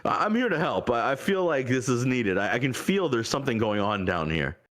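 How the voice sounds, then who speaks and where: A man's voice: medium pitch, sing-song, brisk, fairly bright tone, voice pushed up. A man voicing a flirty, doting male sky deity in a tabletop game, raising his voice well above his own.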